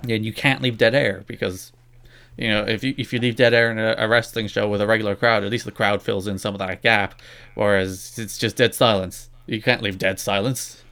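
A man's voice: on the low side, steady tone, fairly quick, creaky, sharp tone. A man co-hosting a casual wrestling podcast, rambling and self-deprecating with lots of restarts. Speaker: podcast co-host.

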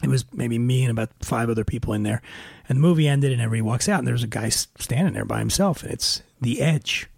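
A man's voice: mid-range voice, fast talker, creaky, a little mellow, dry recording. A middle-aged man hosting a podcast, chatting casually and telling an anecdote with dry, self-mocking humor. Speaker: podcast host.

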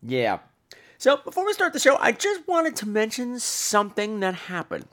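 A man hosting a podcast, telling a funny, profane story in an animated way. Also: high-pitched, moderate pace. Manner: animated, profane, jumps between voices. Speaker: podcast host. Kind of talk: comic storytelling.

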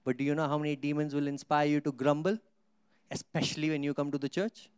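Preaching to his congregation, a pastor asks them questions and alternates soft, low asides with loud, stretched-out Scripture readings. His intonation is fairly even and his tone clean, in a dry recording.

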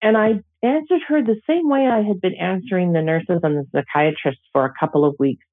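A middle-aged woman, a Métis elder, slowly and gently telling a personal story with emotional pauses. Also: fairly low pitch. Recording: tinny phone-like audio.

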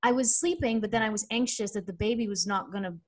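A woman's voice: mid-range voice, quick pace. A woman in her thirties in casual chat, candid and frank, swearing casually.

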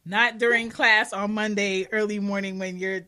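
An animated woman hosting a parenting podcast, telling lively stories in casual conversation. Her voice is bright and forward. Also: medium pitch, moderate pace. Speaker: podcast host.

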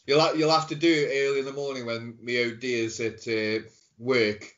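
A young man with a nasal voice and a Stoke-on-Trent accent, appearing as a podcast guest. He banters and jokes at a medium pitch. The recording sounds dull and lo-fi. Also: steady tone, brisk, slight background noise. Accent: Stoke-on-Trent English. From Stoke-on-Trent, England. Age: young adult. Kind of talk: casual chat. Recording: dull lo-fi audio.

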